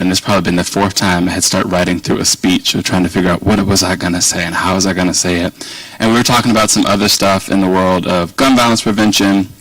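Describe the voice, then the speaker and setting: A man with a faint Southern accent speaks to a live audience in a lowish, easygoing voice. He rambles warmly and pokes fun at himself. The sound is dry, caught by a microphone set back from him. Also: no echo, distant mic, rough recording. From Virginia, US. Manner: rambling, self-deprecating, chatty. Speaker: keynote speaker. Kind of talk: conversational speech to an audience.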